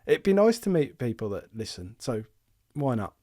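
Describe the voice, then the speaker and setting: A man's voice: medium pitch, big pitch swings, moderate pace, mellow, no room sound, studio quality. A man co-hosting a football podcast in casual chat, joking and laughing often. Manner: laughs often, jokey banter. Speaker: podcast co-host.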